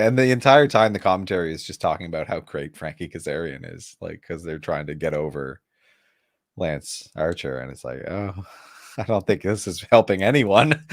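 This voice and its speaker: A man's voice: deep voice, normal speed, no room sound, studio quality. A man co-hosting a wrestling podcast, laid-back and agreeable, laughing often. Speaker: podcast co-host. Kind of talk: casual wrestling chat.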